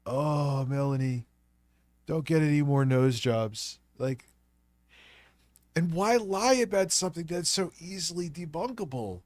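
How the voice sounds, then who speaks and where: A man's voice: on the high side, a little slow, a little mellow, no echo, clean studio sound. A man with a stuffy voice from a cold, mocking and swearing through casual commentary. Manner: blunt, mocking, swears a lot. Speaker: co-host.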